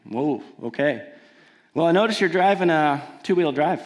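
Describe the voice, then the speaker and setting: A man's voice: on the high side, animated, moderate pace, close to an everyday voice. A man playing an insistent rental car salesman who exaggerates his warnings, told on stage. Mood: pushy. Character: pushy male car rental salesman, middle-aged.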